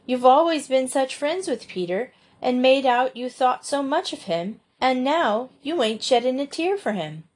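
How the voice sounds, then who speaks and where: A woman's voice: high-pitched, animated, unhurried, few pauses, pitched above the performer's own voice. A woman voicing a prim young farm girl who scolds the others in a reproachful, proper way.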